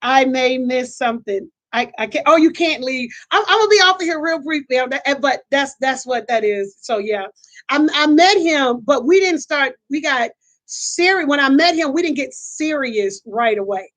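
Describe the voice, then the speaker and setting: A middle-aged woman hosting a casual chat, telling animated stories, laughing often, and repeating and restarting her phrases. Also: high voice, moderate pace. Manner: animated storytelling, laughs often, acts out quotes. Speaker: host.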